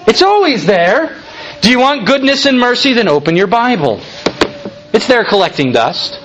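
Lively high-voiced male preacher. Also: normal speed, highs cut off, a little hiss or hum. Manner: emphatic, rhetorical questions, builds to fervent peaks. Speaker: pastor. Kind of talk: sermon.

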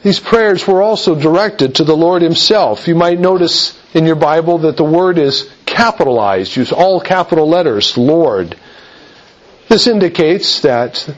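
A man preaching a sermon in an earnest, measured way, slowing down to stress quoted verses. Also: fairly high pitch. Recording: dull lo-fi recording.

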